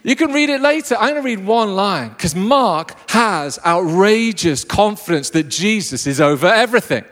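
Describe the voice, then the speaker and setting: A man preaching a lively, jokey sermon to a live congregation. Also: sits high, normal speed. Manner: enthusiastic, jokey storyteller. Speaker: pastor. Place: church hall with a live congregation. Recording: long reverb of a large hall.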